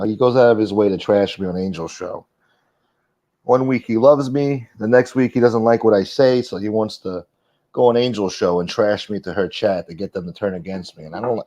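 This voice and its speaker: Aggrieved low-voiced man ranting on stream. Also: moderate pace, dark tone. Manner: aggrieved, defensive, profane. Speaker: livestream host. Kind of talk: casual livestream rant. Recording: dull lo-fi stream audio.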